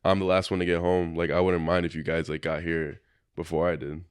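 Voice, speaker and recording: A man co-hosting a podcast in casual chat, talking in a relaxed, thoughtful way with lots of "like". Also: deep voice, brisk, clean tone, dry recording, studio quality. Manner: relaxed, thoughtful, many "like" fillers. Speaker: podcast co-host.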